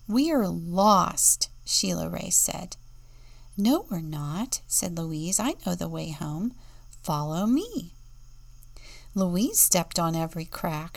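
A woman deacon reading a children's book aloud with expressive, sometimes whispered storytelling, then reflecting on it. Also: lowish voice, gravelly.

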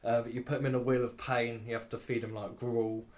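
A man's voice: medium pitch, level tone, brisk, crowd noise. A man, a podcast co-host in casual chat, crude and laughing often as he rambles.

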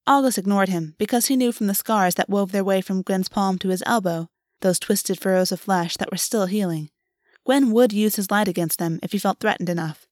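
Female storyteller reading fantasy fiction, steady and even, middle pitch, close dry mic. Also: a little fast, dry recording. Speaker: audiobook narrator. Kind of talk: fiction read-aloud.

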